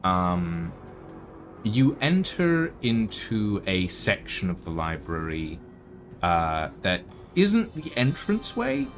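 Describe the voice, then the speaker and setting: A man narrating as game master in a tabletop game, with halting, filler-heavy delivery. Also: low voice, huge pitch swings, soft background music.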